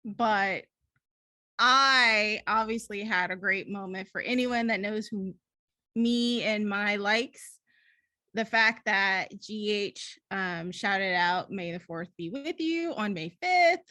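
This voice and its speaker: Slow, bright, higher-voiced woman. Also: dry recording. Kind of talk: casual chat.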